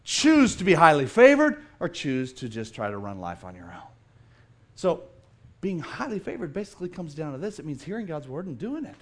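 A middle-aged man preaching a sermon in a church, playful and animated, acting out the people he quotes. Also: a little high, moderate pace. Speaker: pastor. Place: church sanctuary.

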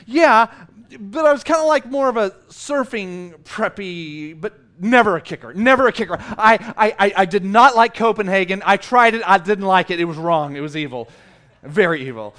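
Man, 40s, South Texas native, high-pitched, lively conversational preacher. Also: moderate pace. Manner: animated and conversational, with self-mocking humor and repeated restarts. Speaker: pastor. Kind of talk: sermon.

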